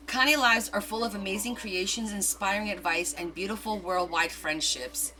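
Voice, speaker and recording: Bright-voiced woman gushing over gifts. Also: mid-range voice, moderate pace, hardly any pauses, faint music behind. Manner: gushing, excitable, reads gift notes aloud. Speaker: craft livestream host. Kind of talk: casual live unboxing chat.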